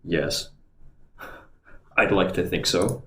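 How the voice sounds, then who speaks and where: A man's voice: deep voice, slow pace. A man chatting casually on a livestream, rambling and muttering to himself as he goes, in a room at home. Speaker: live streamer. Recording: roomy echo with faint background hum.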